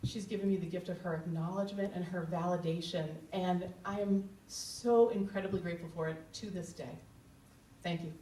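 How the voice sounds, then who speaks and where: A woman's voice: fairly low pitch, fairly even intonation, brisk, very noisy. Earnest, candid woman storyteller on a live stage, roomy room, mic at a distance, faint ambience.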